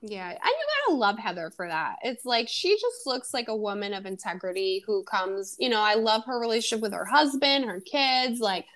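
A woman's voice: a little high, animated, normal speed, hardly any pauses, fairly bright tone. A young adult woman co-hosting a podcast, chatting casually and rambling, with lots of filler words. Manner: rambling, heavy use of "like". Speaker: podcast co-host. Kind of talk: casual chat.

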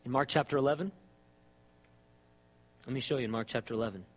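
A man preaching a sermon in an animated, conversational way, often checking in with "right?". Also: mid-range voice, fast, big-room sound.

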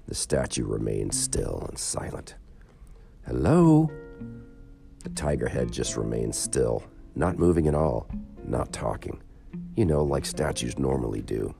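A man reads a children's adventure story in a very deep, gravelly voice. His pitch moves a lot as he reads, slow and unhurried. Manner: slow, expressive reading. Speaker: narrator. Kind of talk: storybook reading. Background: soft guitar music.

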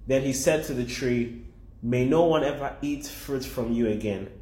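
A man preaching an animated sermon at a middle pitch, repeating his phrases to drive the point home. The recording is roomy and echoey. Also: moderate pace.

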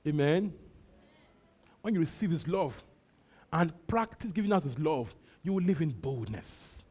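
A Nigerian man preaches in a mellow, slightly husky voice. He repeats short lines again and again and drops in hallelujahs between them. He talks like a pastor speaking straight to his church. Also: fairly high pitch, animated, a little slow, long pauses. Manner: repetitive preaching with frequent hallelujahs. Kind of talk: sermon.

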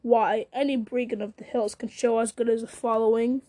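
A woman reading aloud, voicing a scornful, mocking male herald who serves a dark lord. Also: fairly high pitch, fairly even intonation, moderate pace, lightly acted. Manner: taunting, sneering, laughing at others.

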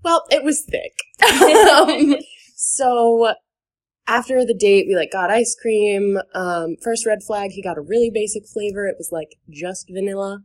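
A woman's voice: mid-range voice, unhurried. A young woman from New Hampshire telling a dating story in casual podcast chat. She talks chattily, with lots of fillers and "like", and laughs between sentences.

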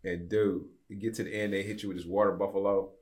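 This is a man in his fifties with a deep, low voice, telling a long story on a podcast. He chats casually and acts out the people in it with quick shifts of voice. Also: level tone, a little mellow. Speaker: podcast guest.

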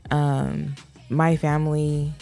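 A woman in her thirties co-hosting a podcast, telling stories with animated laughter in casual chat. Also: low-pitched, takes it slowly, creaky, soft background music. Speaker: podcast co-host.

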